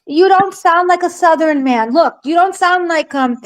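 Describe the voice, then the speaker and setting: Very high-voiced chatty woman. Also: moderate pace, no echo. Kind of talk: casual chat.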